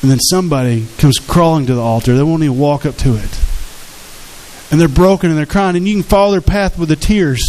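A man's voice: a little high, a little fast, darkish tone, rough recording. A man preaching a sermon as pastor, earnest and conversational, acting out quotes from his congregation.

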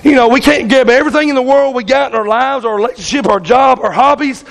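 Male pastor, very high voice, emphatic repetitive sermon delivery. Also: fast, poor audio. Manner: emphatic, repetitive, keeps asking "Amen?".

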